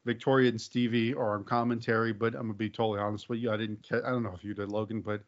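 This podcast host races along in a fairly low, level-toned voice, chatting about wrestling in a laid-back, rambling manner stuffed with fillers. The audio is dull and lo-fi.

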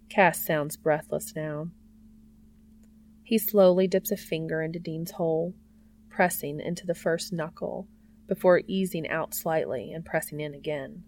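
A woman narrating a story aloud in a soft, unhurried reading voice. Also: low-pitched, steady tone, a little hiss or hum. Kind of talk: narrating fan fiction aloud.

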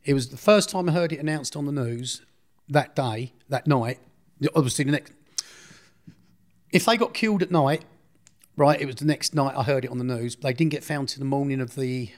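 A man's voice: mid-range voice, fairly quick. A middle-aged man, telling his story in an interview in a blunt, rambling way, often correcting himself. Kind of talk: casual storytelling.

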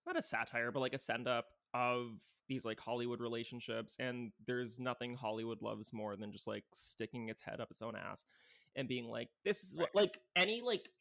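A man talking casually about films as a podcast guest, at a middle pitch. He rambles, stacking fillers as his ideas tumble out in animated bursts. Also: normal speed, vocal fry. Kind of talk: casual film chat.

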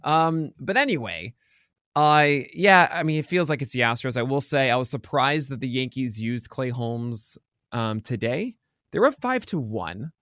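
A man's voice: medium pitch, animated, moderate pace, fairly bright tone, no room sound, studio quality. A man co-hosting a casual sports podcast, chatty and rambling with many fillers and restarts. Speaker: podcast co-host.

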